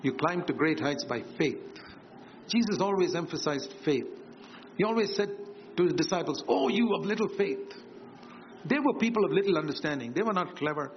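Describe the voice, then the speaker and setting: A man's voice: animated, brisk, a little hiss or hum. A man preaching a sermon, emphatic and repetitive, lifting his voice for quoted words. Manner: emphatic, repeats key phrases, swings higher for quoted words. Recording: dull lo-fi sermon recording with faint ambience.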